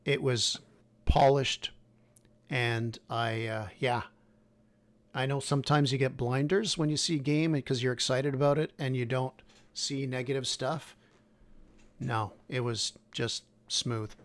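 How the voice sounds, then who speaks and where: A middle-aged man co-hosting a casual podcast, relaxed and plain-spoken. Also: medium pitch, unhurried. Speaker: podcast co-host.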